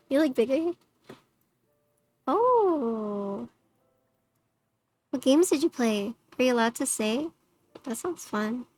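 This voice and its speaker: A woman livestreaming, chatting casually with her viewers and using lots of "like" fillers. Her voice has a slightly robotic noise-suppression filter. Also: sits high. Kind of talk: casual chat with stream viewers.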